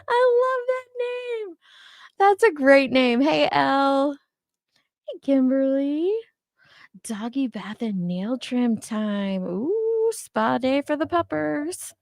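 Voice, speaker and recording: Chatty gravelly grandma streamer. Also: female voice, high voice, lively intonation, slow, darkish tone, no room sound, studio quality. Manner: chatty, greets viewers, laughs often. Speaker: livestream host. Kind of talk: casual live chat.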